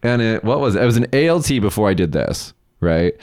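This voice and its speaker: A man hosting a casual podcast chat, a rambling, animated storyteller who acts out what others said. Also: lowish voice, quick pace, dry recording, studio quality. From United States. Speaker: podcast host, company CEO.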